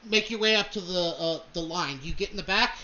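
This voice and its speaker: Young male game master, high bright voice, loose narration, dull home recording. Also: fairly quick, a little hiss or hum. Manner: rambling, filler-heavy narration.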